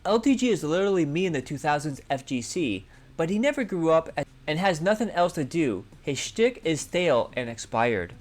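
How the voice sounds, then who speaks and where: A man's voice: fairly high pitch, sing-song, normal speed, hardly any pauses. A man hosting a drama commentary channel, sarcastically recapping a streamer's clips. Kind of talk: narrating commentary over clips.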